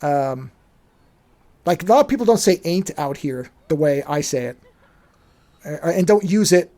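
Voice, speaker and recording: A man's voice: a little high, animated, moderate pace, dark tone. A man from the northeastern United States co-hosting a podcast, easygoing and agreeable in casual chat. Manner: easygoing, agreeable, frequent affirmations. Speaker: podcast co-host.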